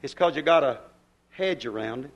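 Preacher doing a sneering devil, lower and quieter, snarling. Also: male voice, expressive, normal speed, highs cut off. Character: snarling sly male devil, accusing.

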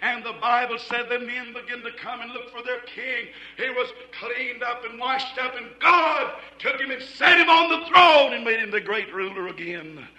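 Shouting preacher with a piercing high voice. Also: male voice, moderate pace, hardly any pauses, reverberant, rough recording. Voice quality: loud, rhythmic, repetitive preaching cadence. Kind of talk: fiery shouted sermon.

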